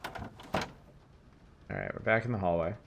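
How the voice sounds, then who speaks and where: A man's voice: sits low, a little slow, gravelly, muffled recording, background noise. A male streamer giving casual, joking commentary while playing a game and chatting with viewers. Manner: joking, chatty, addresses chat.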